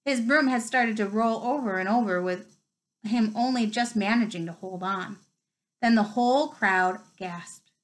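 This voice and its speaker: A woman's voice: on the high side, measured pace, rough recording. A woman reading a novel aloud, telling it expressively and rising with the action. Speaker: reader.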